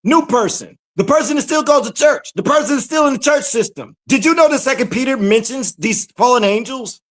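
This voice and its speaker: A podcast host preaching on scripture, firing rhetorical questions, repeating words for emphasis, and swinging from hushed asides to shouts. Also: medium pitch, expressive, fairly quick. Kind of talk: fiery preaching commentary.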